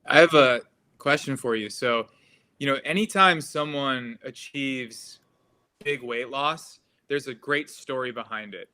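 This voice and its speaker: A man's voice: mid-range voice, measured pace, bright, forceful tone, clear, resonant tone. A man hosting a podcast, asking a guest direct questions in a conversational way. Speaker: podcast host. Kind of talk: interview questions.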